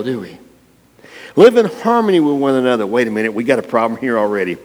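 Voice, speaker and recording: Long church-hall reverb surrounds this pastor as he preaches fast, with lively intonation and a darkish medium-pitched tone. His sermon is folksy and playful, and he calls out congregants by name.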